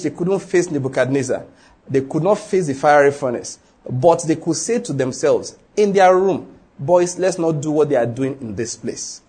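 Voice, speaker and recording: A man's voice: on the high side, a little mellow, husky. A man with a Nigerian accent preaching a sermon, emphatic and full of rhetorical questions, acting out the people in his story.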